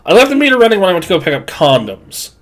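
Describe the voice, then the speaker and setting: A man's voice: high voice, huge pitch swings, racing. Rambling, crude man telling a story on stream. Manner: rambling, crude, self-mocking, many fillers.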